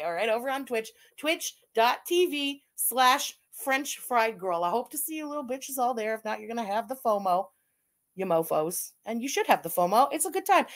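Streamer gal, high, bouncy voice, crude giggly roast commentary. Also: female voice. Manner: giggly, crude and mocking, laughs often. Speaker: livestream host. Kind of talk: casual livestream commentary.

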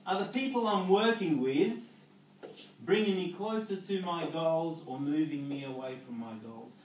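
A man's voice: fairly high pitch, unhurried, far from the mic. Guy giving a pep talk, keeps asking okay? yeah?, echoey room with faint hiss. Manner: coaching, checks in with "okay?" and "yeah?". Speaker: network marketing speaker. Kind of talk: motivational talk to an audience.

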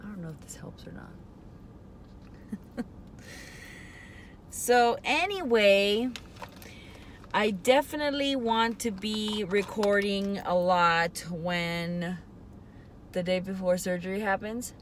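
Unhurried and medium in pitch, a woman talks through a casual confessional vlog from a car parked in a lot. Emotion pushes her close to tears, so she hesitates, rambles, and lets sentences trail off, over a slight hiss or hum.

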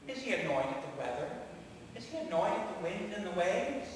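A man preaching a storytelling sermon, dramatic, swinging from loud to hushed. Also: high-pitched, big pitch swings, brisk, background noise. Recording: echoey church hall, mic far off.

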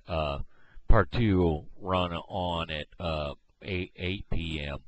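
A man from Missouri talking casually to camera on his video blog, halting often with fillers and restarts, recorded on a headset microphone at home. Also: deep voice. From Missouri, USA. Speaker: video blogger. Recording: dull lo-fi headset mic.

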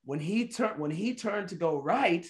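A man casually telling a spooky story among friends, acting out the people in it with big jumps in his voice. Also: measured pace. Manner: animated, acts out quotes with big pitch jumps. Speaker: podcast co-host.

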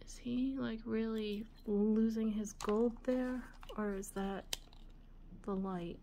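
A woman hosting a vintage jewelry video, musing aloud in a soft, relaxed voice and sometimes dropping to a whisper. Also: a little high, slight background noise. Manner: slow, soft-spoken, musing aloud, often drops to a whisper. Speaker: vintage jewelry channel host. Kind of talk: casual show-and-tell of jewelry.

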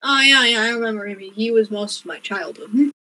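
Bright-voiced excitable gamer woman. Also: a little high, fairly quick, dry recording, rough recording. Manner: swears, laughs a lot, excitable. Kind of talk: casual gaming chat.

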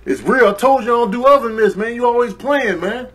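A man's voice: extremely high pitch, brisk, fairly bright tone. A man voicing an angry streetwise male cat in a comedic pet video, drawling and calling everyone "man". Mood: fed-up, threatening.

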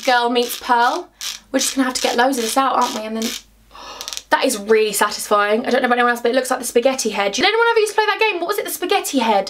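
A young woman chats through a makeup challenge in her bedroom. Her voice sits slightly high, and she gushes and talks to herself as she works. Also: fairly bright tone. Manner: bubbly, gushing, talks to herself. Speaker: beauty vlogger. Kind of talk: excitable makeup vlog. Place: home bedroom.

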